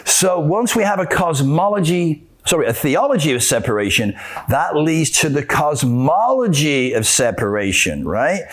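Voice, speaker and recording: A man hosting a solo spiritual talk, arguing both sides with himself in an animated way. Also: fairly high pitch, normal speed. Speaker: podcast host.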